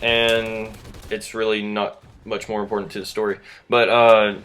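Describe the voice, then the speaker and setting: A man's voice: on the low side, flat delivery, normal speed, a bit bright, clear, resonant tone. A man in his twenties with a Southern US accent, rambling through a casual story to camera. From Southern United States. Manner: rambling, easygoing, self-deprecating. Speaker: YouTuber.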